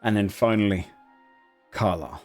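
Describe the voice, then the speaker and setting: A man, running a tabletop role-playing game as game master and calling out rolls and damage in a brisk way. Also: on the low side, a little mellow, faint music behind. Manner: brisk, rules-focused calls.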